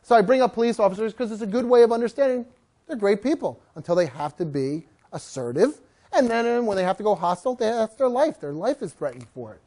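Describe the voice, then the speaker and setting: A woman dog trainer speaking to a room of people in a lively, joking way, slipping into quick voices for owners and dogs. Her pitch swings widely as she talks, rising and falling through each story. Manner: animated, jokey, acts out voices of people and dogs. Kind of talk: live talk to an audience.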